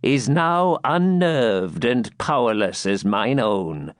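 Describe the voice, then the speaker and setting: Brief: vengeful old crone, man reading the part, slow deliberate delivery, lively pitch, close dry sound. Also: no room sound. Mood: accusing. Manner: slow, grim, mocking and solemn. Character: vengeful old woman, a gloating hag. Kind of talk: audiobook character reading.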